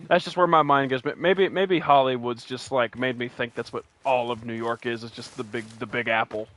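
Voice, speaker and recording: A man's voice: medium pitch, steady tone, fairly quick, a bit bright. Rambling West Virginian man streaming a game. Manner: rambling, joking, many restarts. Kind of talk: casual gameplay commentary.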